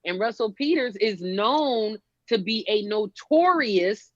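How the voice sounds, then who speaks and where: A woman stand-up comedian in casual chat, telling animated stories and acting out the voices of the people she quotes. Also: medium pitch, slow, no room sound. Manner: animated storytelling, acts out quotes. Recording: dull lo-fi sound.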